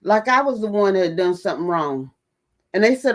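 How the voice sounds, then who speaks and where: A woman's voice: medium pitch, lively intonation, normal speed. A woman speaks in an everyday mid-range voice, telling a personal story straight to her listeners. She leans on key phrases and repeats them for weight. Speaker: host of a mental health talk channel. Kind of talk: personal storytelling to an online audience.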